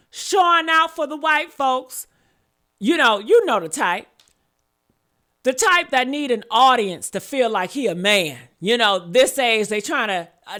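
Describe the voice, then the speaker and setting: A woman tells the story in a casual, sassy way, calling her listeners honey and baby. Her bright voice swoops up and down with a lot of animation, and her pacing is slow and deliberate. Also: on the high side. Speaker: commentary channel host.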